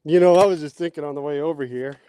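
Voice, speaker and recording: Chatty man with a mellow voice. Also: fairly high pitch, fast talker, clear, resonant tone. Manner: chatty, reads out viewer comments. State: out of breath at times. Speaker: livestream host. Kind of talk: casual livestream chat with viewers. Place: outdoors, digging post holes.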